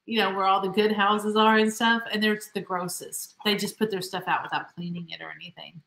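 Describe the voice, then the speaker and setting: A woman's voice: medium pitch, fairly even intonation, brisk, vocal fry, fairly bright tone, roomy sound. A woman co-hosting a live vintage reselling stream, chatting and passing on viewer comments. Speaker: co-host of a live reselling show. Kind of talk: casual live-stream chat.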